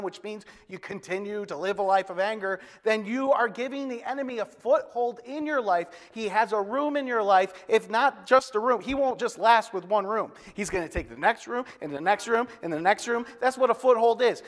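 A man's voice: sits high, big-room sound. A man preaching a sermon as a pastor, in a conversational way with folksy asides and self-deprecating humor.

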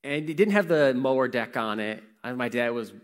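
A male pastor preaches in a relaxed, storytelling way, asking the congregation questions as he goes. His pitch swings widely, rising and falling with animation. His voice carries through a big church hall with a long, lingering reverb. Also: normal speed. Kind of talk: sermon.

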